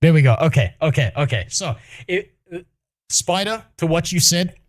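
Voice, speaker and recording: A man streams a storytime rant, heated and full of profanity, in a voice sitting a little above the usual male range. He talks casually and fast between bursts of anger. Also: a little high, expressive. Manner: profane, heated, swears constantly.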